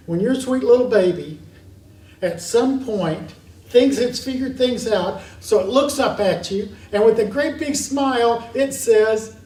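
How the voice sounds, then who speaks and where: A man's voice: high-pitched, mellow. A man teaching a parenting class in a church, earnest and storytelling, with emphatic stresses. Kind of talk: classroom lecture. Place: church meeting room. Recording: echoey room from far off, faint hiss.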